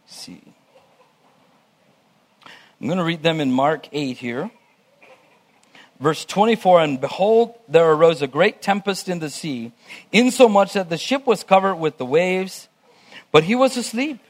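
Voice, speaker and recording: During a sermon, a male preacher reads scripture aloud and then muses on it, restarting often as he goes. His voice is on the high side with lively intonation, and he keeps a measured pace with frequent pauses.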